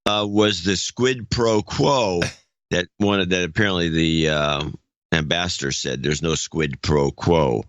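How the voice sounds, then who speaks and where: A man co-hosting a podcast, rambling in a halting, self-deprecating way. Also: low-pitched, fairly bright tone, muffled recording, slight background noise. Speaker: podcast co-host. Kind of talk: casual banter.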